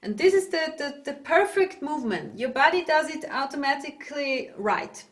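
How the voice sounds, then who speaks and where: A woman with a Swiss German accent teaching yodel online, explaining in halting English and breaking into loud calls and dog barks. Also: high-pitched, animated. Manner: halting, searches for words. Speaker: yodel instructor. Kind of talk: online singing lesson. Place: home, video call.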